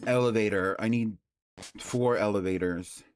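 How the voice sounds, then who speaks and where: A man's voice: on the low side, normal speed. A man chatting casually with his viewers on a live stream, rambling and playful while he builds. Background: background music.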